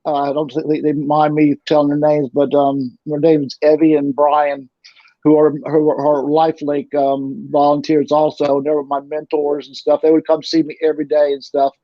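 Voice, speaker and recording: Speaking on the high side with a completely flat delivery at a moderate pace, a middle-aged interview guest rambles through a long personal story, often restarting and repeating himself. The casual talk is captured in a dull, lo-fi dry recording without room sound.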